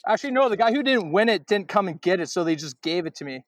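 A man's voice: high voice, animated, fast talker. A young Canadian man co-hosting a casual podcast, telling rambling stories full of restarts and swearing. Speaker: podcast co-host. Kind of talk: casual chat.

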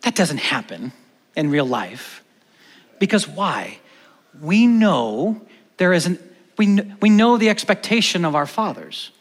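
A man preaching a sermon as pastor, animated, moving between loud stresses and hushed emphatic lines, in a church hall. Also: sits high, takes it slowly. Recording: long church-hall reverb.

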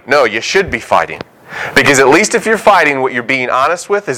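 Animated male pastor preaching. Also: fairly high pitch, a little fast, slight background noise, poor audio. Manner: conversational preaching that acts out short quoted voices. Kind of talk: sermon.

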